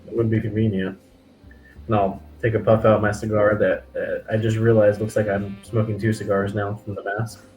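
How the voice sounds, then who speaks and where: A man's voice: on the low side, flat delivery, moderate pace, darkish tone. A man playing a tabletop game, easygoing and casual in his replies. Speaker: player. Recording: roomy recording, faint music.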